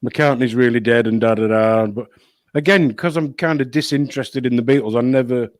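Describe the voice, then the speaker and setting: A man's voice: mid-range voice, a little fast, dry recording, clean studio sound. A man in his fifties co-hosting a casual chat, easygoing and agreeable. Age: 50s. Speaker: podcast co-host.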